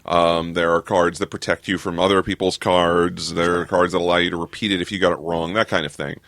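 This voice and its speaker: A man's voice: low-pitched, level tone, a little fast, gravelly, a bit bright, no room sound. A man explaining game rules in a casual podcast chat, with lots of fillers. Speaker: podcast co-host.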